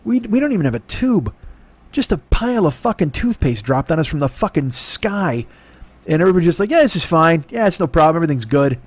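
A man hosting a podcast from his home desk, telling a rambling comic story full of swearing. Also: medium pitch. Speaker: podcast host. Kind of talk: profane comic monologue.

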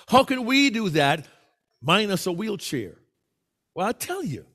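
A man's voice: high voice, very animated, measured pace, pauses often, fairly bright tone. A man from Jamaica with a Jamaican accent, leading an interactive speaking workshop and coaxing answers from the audience. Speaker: workshop presenter. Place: meeting room with a hybrid online audience.

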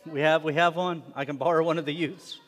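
Guy preaching, high voice, goes loud then hushed, long echo off the sanctuary walls. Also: brisk. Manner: animated, swinging from loud emphatic to hushed. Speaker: congregation leader preaching. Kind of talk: sermon. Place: synagogue sanctuary. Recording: long reverb of a worship hall.

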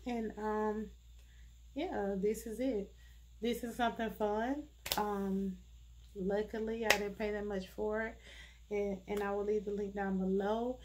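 A woman's voice: medium pitch, level tone, slight background noise. A woman hosting a casual wig review vlog, chatty and full of fillers, talking through a congested, sinus-blocked nose. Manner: unhurried, chatty, many fillers. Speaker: wig reviewer, channel host.

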